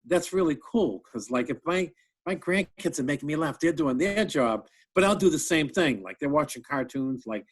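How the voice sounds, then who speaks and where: Chatty, laughing comedian man, slightly high. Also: moderate pace, breathy edge. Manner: chatty, animated storyteller, laughs often, repeats words. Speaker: comedian guest. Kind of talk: casual interview chat.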